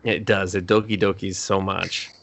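Low-voiced man recapping anime casually. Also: little pitch movement, normal speed, vocal fry, fairly bright tone. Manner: rambling recap, acting out characters' lines in higher voices. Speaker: podcast co-host. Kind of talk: casual anime review chat.

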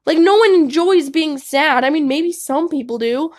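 A woman's voice: high voice, moderate pace. A young woman giving candid, casual advice to her viewers, swearing freely and saying "like" a lot. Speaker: vlogger.

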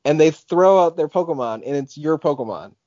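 A man's voice: a little high, expressive, fairly quick, dark tone, dry recording. Rambling young man on a podcast. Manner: rambling, full of "like" and restarts. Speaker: podcast co-host. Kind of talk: casual chat. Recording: dull lo-fi podcast audio.

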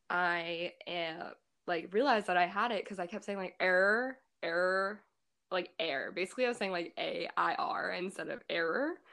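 A woman's voice: fairly low pitch, creaky, a bit bright. A young woman in her twenties with a Pittsburgh accent, chatting casually as a podcast co-host and telling stories with lots of fillers. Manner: chatty storyteller, many fillers, frequent laughs. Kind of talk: casual chat.

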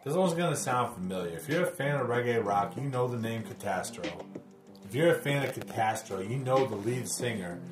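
A man co-hosting a podcast in loose, excited casual chat, swearing freely. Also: medium pitch, a little fast, echoey room, over music. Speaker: podcast co-host.

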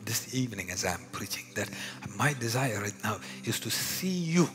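A man with an Indian accent preaching a sermon, dropping to hushed whispers and rising to loud declarations. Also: lowish voice, very animated, normal speed. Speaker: pastor. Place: church hall. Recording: live church hall with long reverb, music behind.

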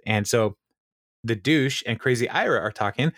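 A man with a low voice chats casually on a podcast, retelling scenes and quoting characters with frequent laughs and "um"s. The sound is close and dry, with no room around it. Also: animated, moderate pace, fairly bright tone, dry recording. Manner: laughs often, recounts scenes with quoted lines and many fillers. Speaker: podcast co-host. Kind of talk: casual chat recapping a TV episode.

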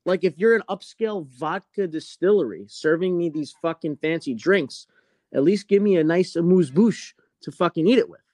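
A man's voice: fairly high pitch, normal speed, warm tone, no room sound. A man with a somewhat raised voice tells a long story in a casual podcast. He swears constantly and acts out the people in the story. The sound is close and dry, with no room around it. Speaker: podcast co-host telling a story.

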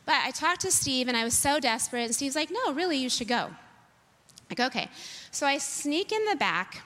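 A woman telling a personal testimony in an animated, self-deprecating storytelling manner. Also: high-pitched, brisk. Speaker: speaker sharing a personal testimony. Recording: long hall reverb.

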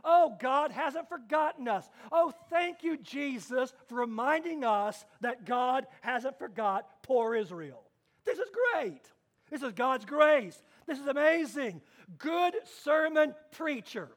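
A man's voice: very high voice, animated, takes it slowly, few pauses, heavily acted. A man putting on a cheering, elated worshipper. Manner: exclaiming, repeating short joyful cries.

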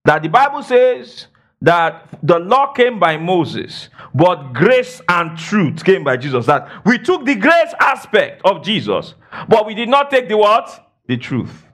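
Speaking in an unhurried, sing-song voice with a fairly bright tone, a preacher teaches the Bible during a sermon. He poses questions to the congregation, keeps saying "praise God" and "all right", and delivers emphatically with swoops from high to low.

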